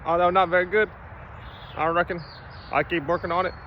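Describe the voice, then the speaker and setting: A man's voice: high voice, fairly even intonation, a little fast, voice pushed up, natural voice. A brash, cheerful Aussie bushman, as a young man hams it up with a fake Australian accent, bellowing hearty banter in a raised voice. It is recorded outdoors from a distance on a dull, lo-fi mic, with faint hiss. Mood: boisterous. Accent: put-on Australian, self-described as poor.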